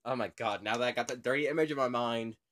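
A man's voice: medium pitch, fast, a bit bright. Giggly young male podcast host. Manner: giggly, joking, rambling. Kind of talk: casual improvised podcast chat.

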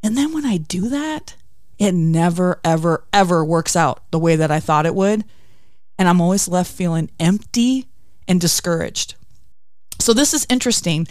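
A woman's voice: on the low side, normal speed, no echo. Woman with a dry, close sound. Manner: expressive storytelling with acted quotes. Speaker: podcast host. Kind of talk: faith devotional talk.

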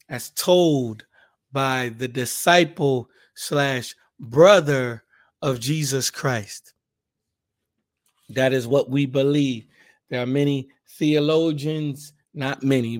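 A man hosting a casual Bible-study podcast in a relaxed, conversational way, correcting himself as he goes. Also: on the high side, no echo, clean studio sound. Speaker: podcast host.

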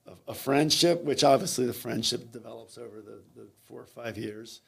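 Gravelly-voiced male coach telling stories. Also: mid-range voice, fairly bright tone. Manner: halting, repeats words, acts out quoted lines. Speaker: swim coach. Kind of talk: conversational interview storytelling.

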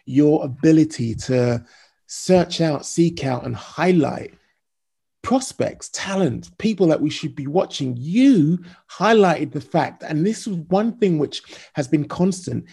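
A podcast co-host in casual sports chat, lively and encouraging, sometimes rushing ahead. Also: medium pitch, vocal fry, slightly rough.

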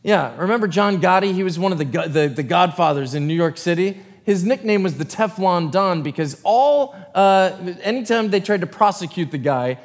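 Pastor with a raised voice in a reverberant hall. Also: male voice, high-pitched, expressive, moderate pace, few pauses. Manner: reads scripture, then breaks into loose conversational asides. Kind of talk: sermon with scripture reading. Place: church sanctuary.

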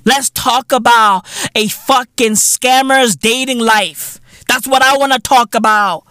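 A South African man hosting a podcast, ranting comically with profanity, repeating himself in loud disbelief. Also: very high-pitched, steady tone, unhurried, clean tone, dry recording, clean studio sound. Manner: loud, incredulous, repeats himself, swears constantly. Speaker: podcast host. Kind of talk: profane comedic rant.

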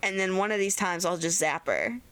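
Quick-joking woman player. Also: fairly low pitch, fairly bright tone, clean tone. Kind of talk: casual tabletop chat.

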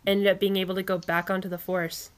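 A woman's voice: medium pitch, quick pace. A woman co-hosting a casual true-crime chat, retelling events with swearing and acted-out quotes. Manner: animated retelling, swearing, acting out quoted calls. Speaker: podcast co-host.

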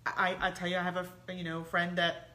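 A woman talking in a casual conversation, animated and acting out the voices of people she quotes. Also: on the low side, normal speed.

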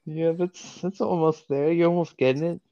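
A man's voice: a little high, steady tone, normal speed, gravelly, mellow, clear, resonant tone, muffled recording. A man in casual chat, laughing and teasing his friend.

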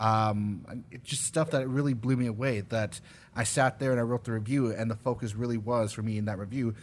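A man's voice: mid-range voice, fairly even intonation, brisk, slight background noise. A man in a casual podcast chat, talking about a game he reviewed, easygoing and rambling with fillers. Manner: laid-back, rambling with fillers.

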